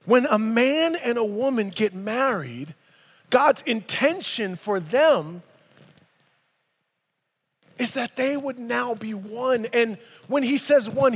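Man, high voice, pastor, conversational sermon, long hall reverb. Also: husky. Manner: conversational, emphatic, mixes Bible reading with casual asides. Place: church sanctuary.

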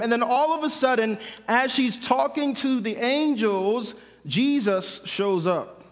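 An emphatic male preacher with a fairly high voice, driving his points home by repeating them. His sermon rings out with a long reverb, as in a large hall or church. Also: unhurried. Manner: emphatic, repeats phrases for stress.

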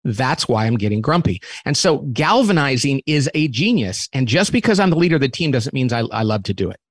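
A man who runs a company, talking as an interview guest and lively acting out quoted remarks as he explains a model. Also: medium pitch, fast, slightly rough, no room sound. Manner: animated, acts out quotes in different voices; repeats words when restarting.

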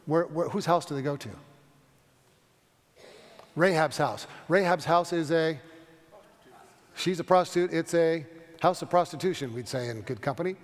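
A pastor teaching a Bible study class, talking fast and animated, with frequent restarts. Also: male voice, fairly high pitch, big-room sound. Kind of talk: Bible study lecture with questions.

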